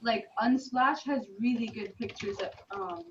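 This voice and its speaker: A woman giving relaxed, helpful tips in a casual video call, pausing with "um". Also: on the high side, vocal fry. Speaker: team member helping a trainee. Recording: muffled, distant call audio with faint noise.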